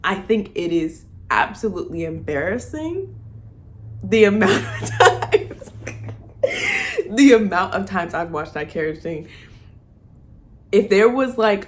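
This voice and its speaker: A woman's voice: lowish voice, a little hiss or hum. Gushing, laughing woman vlogger. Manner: gushing and animated, laughs often, repeats words. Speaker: vlogger reviewing a TV romance series. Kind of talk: excited casual rant to camera.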